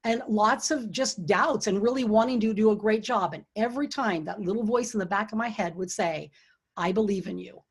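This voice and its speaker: A middle-aged woman with a slightly husky voice hosts a launch party over a computer mic. She speaks earnestly and encouragingly, offering leadership advice and telling stories from her own career. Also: mid-range voice, fairly quick, few pauses. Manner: earnest and encouraging, drops to a hushed tone when retelling quiet moments. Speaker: author and host of a book launch. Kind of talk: online event talk with storytelling. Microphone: computer or webcam mic for an online event.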